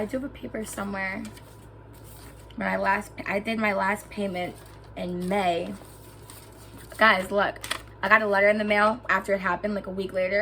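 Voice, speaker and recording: A young woman telling a story about getting scammed to her viewers in a vlog, animated and emphatic, getting heated as she goes. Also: mid-range voice, creaky, a little hiss or hum. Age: young adult. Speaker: vlogger.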